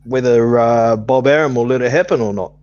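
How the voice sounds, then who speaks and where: A man's voice: medium pitch, a little fast, a little mellow, no echo. Easygoing man on a dull line. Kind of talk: casual boxing chat.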